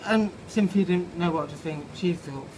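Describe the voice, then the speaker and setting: A slightly drunk man reading his own story aloud outside a pub, halting and playful, with restarts and swearing. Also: high-pitched. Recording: noisy outdoor pub ambience.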